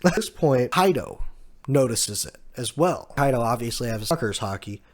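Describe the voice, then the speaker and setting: A man's voice: mid-range voice, animated, moderate pace. A man giving a casual recap of a manga chapter, walking through the panels and laughing often. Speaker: manga reviewer.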